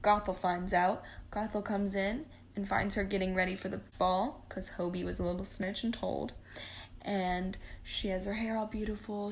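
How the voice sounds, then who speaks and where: A woman's voice: mid-range voice, steady tone, normal speed, vocal fry, slight background noise. A young woman recapping a movie casually, sarcastic, profane and rambling. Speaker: vlogger.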